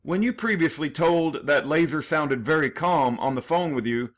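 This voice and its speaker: A man's voice: fairly high pitch, moderate pace, lightly acted. A man quoting a sly male police detective who coaxes a witness with leading questions. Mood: coaxing.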